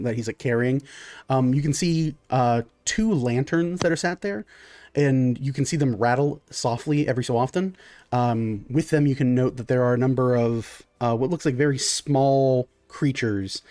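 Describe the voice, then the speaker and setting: A man's voice: medium pitch, a little mellow, no echo. A man narrating as game master in a tabletop game, casual with many fillers.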